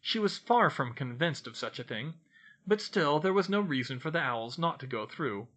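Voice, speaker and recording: A man reading fan fiction aloud in steady storytelling narration. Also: on the high side, normal speed. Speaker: audiobook reader.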